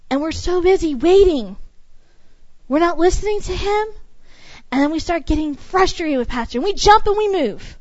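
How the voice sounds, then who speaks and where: High-voiced woman preaching with emphatic repetition. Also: animated, normal speed, no room sound, muffled recording. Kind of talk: sermon.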